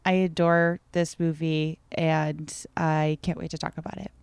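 A woman's voice: low-pitched, level tone, unhurried, clean tone, dry recording. A woman co-hosting a podcast, talking in a chatty, rambling way with plenty of fillers. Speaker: podcast co-host. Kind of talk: casual chat.

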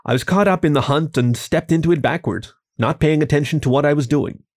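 A weary young fox , voiced by a man reading aloud, speaks sheepishly in a storybook. The voice has a slight gravel and a dry, close sound. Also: a little high, fairly quick, a little mellow, dry recording, voice pushed up.

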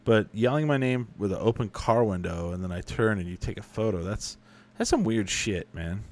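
In casual podcast chat, a young adult man fields listener questions with meandering, profane anecdotes, often correcting himself along the way. His voice is on the low side, at normal speed.

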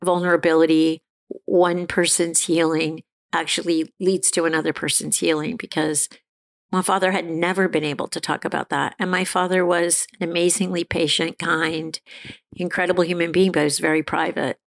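A middle-aged woman candidly telling her personal recovery story as an interview guest, halting and restarting as she talks. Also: on the low side, flat delivery, creaky. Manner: halting, frequent restarts and fillers, laughs now and then.

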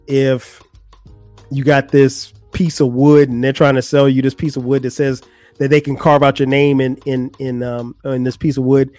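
A man's voice: mid-range voice, a little mellow, dry recording. A man in his forties from the United States, hosting a podcast and telling a story in loose, slangy casual talk with restarts. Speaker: podcast host.

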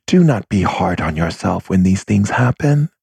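Very husky low-voiced man preaching. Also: very animated, moderate pace, darkish tone, no echo. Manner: repetitive, impassioned, calls listeners his family. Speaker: spiritual teacher. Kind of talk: motivational spiritual talk.

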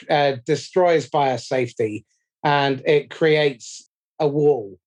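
A man hosting a podcast interview, speaking in a measured, reflective way as he sums up points. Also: fairly high pitch, a little mellow. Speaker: podcast host.

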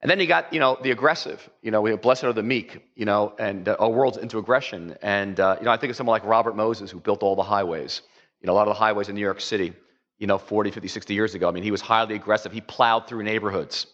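A man's voice: lowish voice, fast talker, fairly bright tone, dull audio. A man preaching a conversational sermon as a pastor, rambling with many fillers and acting out quotes.

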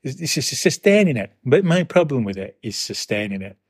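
A man co-hosts a gaming podcast in an easygoing, chatty way, often ending his points with tag questions. His voice is husky, at an ordinary pitch for a man. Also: big pitch swings, fairly quick. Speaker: podcast co-host. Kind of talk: casual chat.

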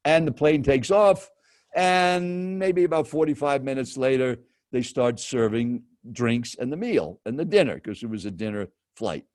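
A man in his seventies, a professional speaker and guest, telling a story with dramatic pauses and speaking directly to the host. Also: medium pitch, lively intonation, darkish tone, no room sound, studio quality. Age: 70s. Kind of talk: animated storytelling.

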